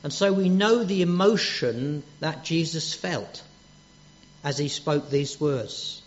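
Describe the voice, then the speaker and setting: A man preaching a sermon, gentle and earnest, dropping soft on quoted words. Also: on the high side, slow pace. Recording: dull lo-fi church recording.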